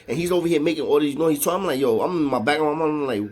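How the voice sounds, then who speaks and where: A man's voice: on the high side, fast, few pauses, darkish tone. A man tells a story in a casual, slangy and profane way. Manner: slangy and profane, with frequent "know what I mean".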